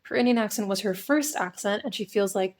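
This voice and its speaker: A woman's voice: mid-range voice, a little fast. A young woman co-hosting a podcast in casual chat, telling a story thoughtfully and hedging with "I guess". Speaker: podcast co-host.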